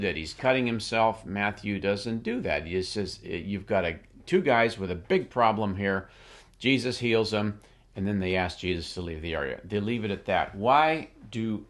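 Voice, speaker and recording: A middle-aged man hosting a casual Bible teaching show, animated and jokey, with quick asides and restarts. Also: fairly low pitch.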